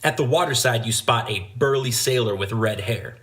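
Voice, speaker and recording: A man's voice: medium pitch, moderate pace, a bit bright. A man hosting a gaming channel, reading a gamebook aloud with casual, joking asides.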